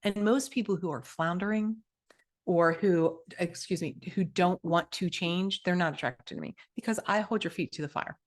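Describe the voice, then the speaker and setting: Direct, lower-voiced woman podcast coach. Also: normal speed. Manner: direct, energetic, talks with her hands in her voice, many asides. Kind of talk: solo podcast teaching.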